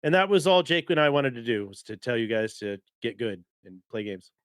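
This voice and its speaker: A man's voice: medium pitch, very animated, brisk, clean tone, no echo, clean studio sound. A man hosting a casual gaming podcast, upbeat and loose, laughing often as he talks. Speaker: podcast host.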